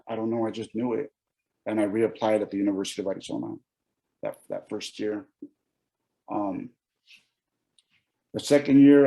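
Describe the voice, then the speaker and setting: Guy from oregon giving a personal keynote talk, gravelly low-toned voice, lots of restarts and quoted bits. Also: dark tone, low-quality recording. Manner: emotional storytelling with many restarts and quoted dialogue. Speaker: keynote speaker. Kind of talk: personal testimony speech.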